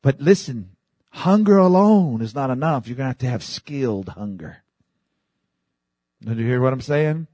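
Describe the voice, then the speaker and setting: A man's voice: mid-range voice, expressive, normal speed, pauses often, dark tone, no room sound. A man preaching a sermon with fervent, emphatic delivery and repeated phrases.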